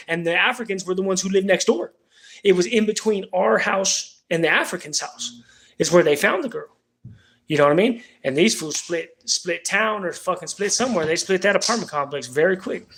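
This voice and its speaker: A man's voice: fairly high pitch, vocal fry, fairly bright tone. Slangy, profane man telling a story. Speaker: livestream host. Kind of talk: casual personal storytelling.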